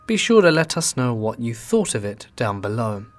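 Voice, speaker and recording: A man narrating a horror story in a low, hushed, drawn-out delivery. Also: very animated, faint music behind.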